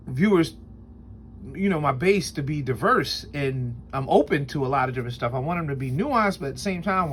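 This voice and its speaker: A man's voice: fairly high pitch, fairly bright tone, a little hiss or hum. A man hosting a casual knife review, rambling and chuckling, with emphatic stress when he lays out rules. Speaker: host of a knife review channel. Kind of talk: casual spoken product review.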